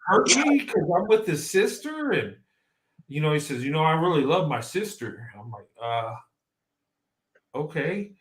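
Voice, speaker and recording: A man's voice: fairly high pitch, a little slow. Chatty man in an echoey room. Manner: animated, laughing often. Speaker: guest. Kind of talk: casual storytelling.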